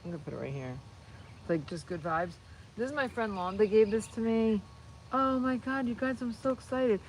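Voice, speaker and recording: A woman hosting a casual livestream on her phone while crafting, rambling and excitable, often breaking off mid-sentence. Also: fairly high pitch, normal speed, rough recording. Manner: rambling, excitable, self-interrupting. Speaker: channel host.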